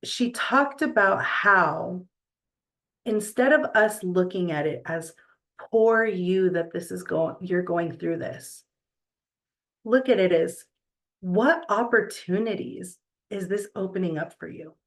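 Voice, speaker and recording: Woman, middle-aged, motivational talk, unhurried, earnest, pausing often. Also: fairly low pitch, expressive, fairly bright tone, low-quality recording. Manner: earnest, slow and deliberate with pauses.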